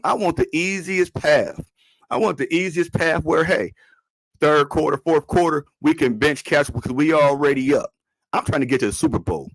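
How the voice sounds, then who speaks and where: Animated man with slangy talk. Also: fairly high pitch, moderate pace, no echo, studio quality. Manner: animated, slangy, repeats himself. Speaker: podcast host. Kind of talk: casual sports talk.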